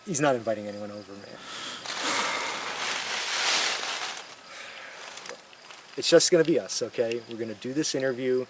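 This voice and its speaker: An actor as a stammering young filmmaker. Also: male voice, mid-range voice, background noise, close to an everyday voice. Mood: scheming. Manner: hurried, apologetic, stammering. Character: nervous, scheming young documentary filmmaker. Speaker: documentary director.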